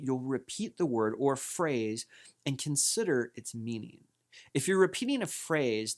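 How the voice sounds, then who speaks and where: Calm man teaching meditation. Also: medium pitch. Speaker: meditation course instructor. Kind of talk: instructional course narration.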